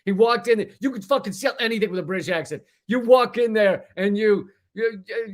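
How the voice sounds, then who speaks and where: Profane, excitable man ranting. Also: high-pitched, moderate pace. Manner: profane, rambling, with frequent restarts and laughs. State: sweating from heat. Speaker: comedian livestream host. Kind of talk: casual ranting livestream monologue.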